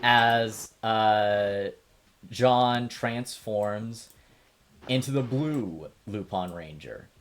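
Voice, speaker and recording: A man runs a tabletop game as its game master, setting scenes at an unhurried, deliberate pace. His narration stays measured, then swells with emphasis as the moment builds. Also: on the low side. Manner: slow, deliberate narration with rising emphasis on speeches.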